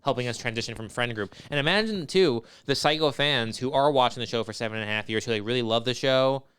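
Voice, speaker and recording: A man co-hosting a comedy podcast, riffing and ranting in a profane, rapid-fire way. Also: mid-range voice, a bit bright, clean tone. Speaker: podcast co-host. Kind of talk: casual comedy podcast chat.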